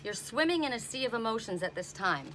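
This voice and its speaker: A woman's voice: on the high side, sing-song, fast talker, background noise. A middle-aged woman doing an oracle card reading outdoors, blunt and indignant in her asides. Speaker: tarot and oracle card reader.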